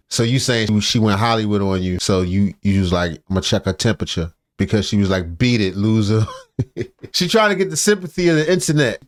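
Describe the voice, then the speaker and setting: A man hosting casual commentary, reacting to a clip in a mocking, joking way. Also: lowish voice. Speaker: commentary host.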